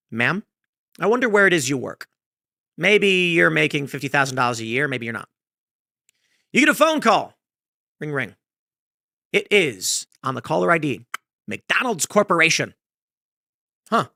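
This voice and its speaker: A man giving a motivational monologue about earning money, telling stories and acting out quick voices in a hypothetical. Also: a little high, sharp tone, no echo, studio quality. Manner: storytelling, acts out voices in hypotheticals. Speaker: online commentator. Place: played clip.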